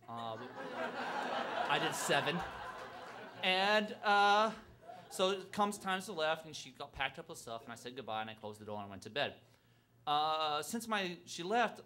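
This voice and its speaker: With a sharp tone at medium pitch, this man tells a personal story at a live storytelling show. He stumbles through it self-deprecatingly, with many fillers and restarts.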